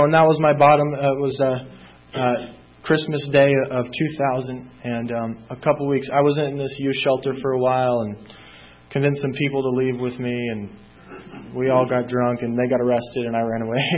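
A young man telling his own recovery story in a halting way, full of fillers and restarts. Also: mid-range voice. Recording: slightly dull lo-fi recording.

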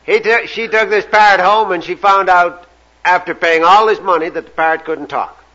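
A man's voice: sits high, steady tone, moderate pace, pushed and bright, lo-fi sound. A man from Canada, speaking at a recovery meeting in a folksy, self-deprecating storytelling way.

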